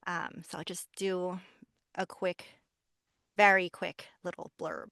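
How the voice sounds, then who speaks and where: Soft-spoken woman voice actor guest, talks slow, lots of ums n laughs, dry sound. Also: lowish voice, level tone, clean tone, dry recording. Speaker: voice actor and audiobook narrator. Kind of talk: relaxed podcast conversation.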